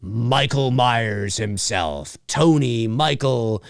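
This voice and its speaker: A man hosting a podcast, giving animated live commentary on a movie like a showman. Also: medium pitch, drawn-out words, creaky, dry recording, studio quality. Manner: animated, showman-like, keeps saying "ladies and gentlemen". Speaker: podcast host.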